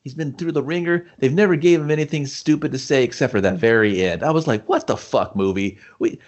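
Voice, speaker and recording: A man's voice: on the high side, quick pace, dull audio. A man co-hosting a podcast, reviewing a movie in casual chat, swearing a lot and acting out scenes in put-on voices. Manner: profane, animated, acts out scenes in voices. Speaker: podcast co-host.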